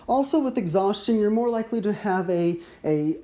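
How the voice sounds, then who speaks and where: Male medical educator in his 30s, mellow tone, measured explanatory delivery. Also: high voice, lively intonation. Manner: measured, explanatory, occasional restarts. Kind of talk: recorded teaching overview.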